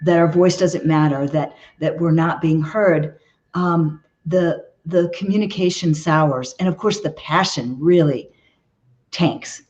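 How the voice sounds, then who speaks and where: A woman's voice: low-pitched, slow, a little mellow. A woman guesting as a relationship expert, talking earnestly in an interview and often checking in with "okay?". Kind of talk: conversational interview advice.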